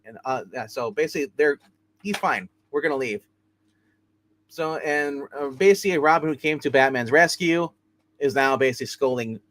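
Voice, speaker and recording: A man hosting a casual comic book review, rambling through the plot with plenty of fillers and quick put-on character voices. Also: mid-range voice, a bit bright.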